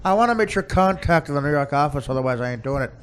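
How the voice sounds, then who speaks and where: A man doing an impression of a menacing 1930s gangster boss who talks in slow, clipped threats. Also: a little high, expressive, a little hiss or hum, voice pushed up, close to an everyday voice. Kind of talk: comic impression on a podcast.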